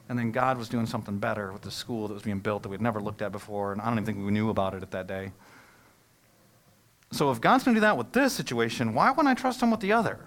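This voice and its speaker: A pastor preaching a sermon to his congregation, telling stories and joking, then swelling from quiet asides to loud, emphatic peaks. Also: medium pitch, animated, fast talker. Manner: jokes with the congregation. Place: church service held in a movie theater.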